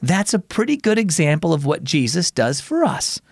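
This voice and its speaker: A man voicing a gentle mother who calmly explains things in a children's story. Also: a little high, moderate pace, creaky, dry recording, studio quality, heavily acted. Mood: reassuring. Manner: calm, explaining.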